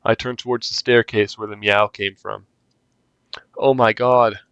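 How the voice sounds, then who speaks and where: A man's voice: medium pitch, flat delivery, normal speed, fairly bright tone, clean tone, no echo, lo-fi sound. A young man reading a story game aloud and reacting casually, joking and swearing between lines. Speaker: gaming youtuber.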